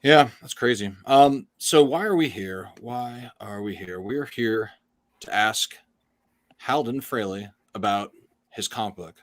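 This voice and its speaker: A man co-hosting a casual comic livestream, joking and excitable, swearing freely. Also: fairly low pitch, a little slow, no room sound, studio quality. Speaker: comic podcast co-host.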